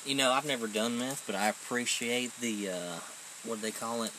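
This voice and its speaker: A man's voice: mid-range voice, moderate pace. A man co-hosting a casual chat, wisecracking and playful. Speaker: podcast co-host. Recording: noisy recording.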